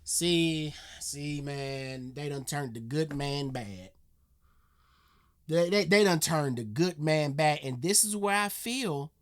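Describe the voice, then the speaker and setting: A man's voice: fairly high pitch, fairly bright tone. An American man hosting a reaction video, talking casually and getting exasperated, repeating himself, swearing and saying "bruh" often. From United States.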